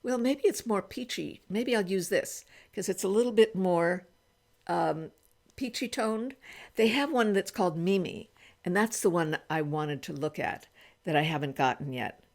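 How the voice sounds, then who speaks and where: Gravelly-voiced woman in her eighties. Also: fairly low pitch, normal speed, a little mellow. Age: 80s. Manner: chatty, thinks aloud, many restarts while applying makeup. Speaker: beauty vlogger. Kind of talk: casual makeup try-on vlog. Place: small room at home.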